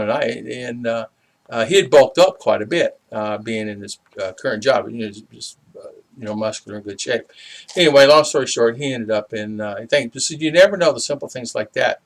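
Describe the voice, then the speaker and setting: Rambling middle-aged man telling a story. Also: mid-range voice. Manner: rambling and halting, with many fillers and restarts. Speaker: small business owner sharing a faith reflection. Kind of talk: personal storytelling testimony.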